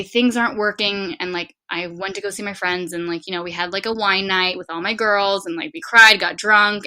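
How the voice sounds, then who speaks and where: A woman in her twenties from San Diego, California, tells a personal story as a podcast guest, chatty and leaning heavily on "like". Her voice is medium-pitched with a sharp tone.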